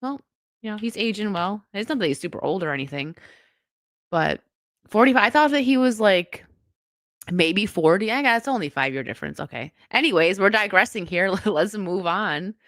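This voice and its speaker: A woman host, sick but still chatting, rambles through a casual live stream and laughs often. Her pitch sits mid-range and the sound is dry with no room echo. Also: lively intonation, normal speed, a bit bright.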